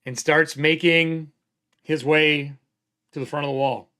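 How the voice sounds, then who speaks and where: A man's voice: a little high, steady tone, unhurried, pushed and bright. A man playing a tabletop game solo, narrating casually and thinking aloud as he counts supplies and swears freely.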